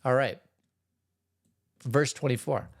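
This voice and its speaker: A man's voice: mid-range voice, slow pace, gravelly. Pastor guy talking through a bible story, laid back, laughs a lot, normal mid voice. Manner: relaxed, chuckles often, retells scripture in plain words. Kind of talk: conversational Bible teaching. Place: church.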